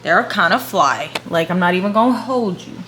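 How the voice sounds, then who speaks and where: A young woman vlogging at home, chatting casually and slangily while shopping online, gasping and whispering when excited. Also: fairly low pitch, normal speed, soft background music. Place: room at home. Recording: echoey room with faint hum.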